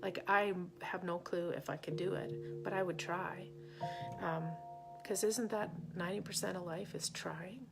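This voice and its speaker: A woman with a low, gravelly voice chats casually on a live stream, often slipping into soft half-whispers. Loud guitar music plays behind her. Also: steady tone, unhurried.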